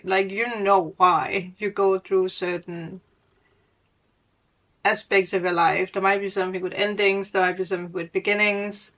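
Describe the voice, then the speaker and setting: A woman's voice: mid-range voice, fairly even intonation, measured pace, fairly bright tone, highs cut off. A woman giving a casual spiritual reading as a tarot reader, rambling, laughing often and correcting her own words. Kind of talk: casual spiritual guidance monologue.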